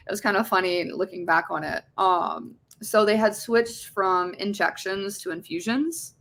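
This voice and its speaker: A woman's voice: mid-range voice, fairly even intonation, a little slow. A young woman, an interview guest, telling her own story in a rambling, emotional way, with frequent swearing and restarts. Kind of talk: candid personal testimony.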